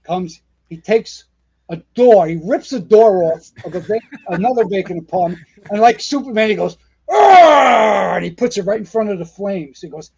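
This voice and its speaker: A man, pitched noticeably high, spins rambling fire-station stories with plenty of fillers and restarts. The recording sounds dull and lo-fi. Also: normal speed, slightly rough. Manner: animated storyteller, rambling with many fillers and restarts. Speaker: retired fire captain guest. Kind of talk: casual storytelling interview.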